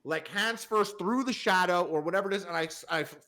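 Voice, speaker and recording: A man's voice: high-pitched, fast, sharp tone. A man telling a long, rambling story on a podcast in casual chat, swearing freely and full of fillers. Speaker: podcast panelist.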